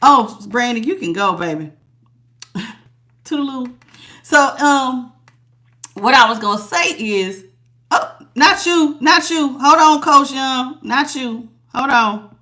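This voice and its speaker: A woman's voice: high voice, animated, slow, long pauses, sharp tone. A woman hosting a live tarot reading, chatting casually with viewers and laughing often.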